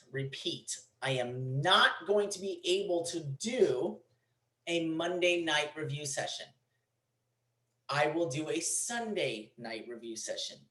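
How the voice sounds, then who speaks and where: A man's voice: fairly high pitch, bright, forceful tone. Blunt, teasing male teacher in an echoey room. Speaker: programming teacher. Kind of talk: classroom lecture. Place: classroom.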